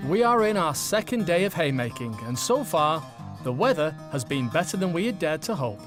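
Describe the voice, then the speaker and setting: A man with a northern English Oldham accent narrates a documentary voice-over in a measured, storytelling way. His voice rides high for a man, with a lively, swooping melody. A clear music bed plays under the narration. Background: background music.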